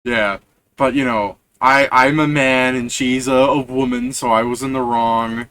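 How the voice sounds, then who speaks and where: A young man chatting after a tabletop game session. His voice sits at an ordinary middle pitch, and he tells rambling anecdotes full of false starts. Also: steady tone, unhurried, a bit bright, clear, resonant tone, poor audio. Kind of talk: casual post-game chat.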